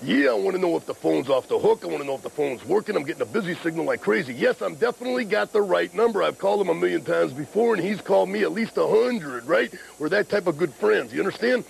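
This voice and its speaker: A middle-aged man co-hosting a wrestling show, talking in a rambling, gravelly growl and a little out of breath. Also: sits high, animated, fast, hardly any pauses, low-quality recording. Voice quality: gravelly, growling, keeps saying brother.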